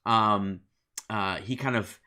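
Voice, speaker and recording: A man co-hosting a review podcast in a casual chat, excitedly retelling scenes and acting out quotes, full of fillers. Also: on the low side, slow pace. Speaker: podcast co-host.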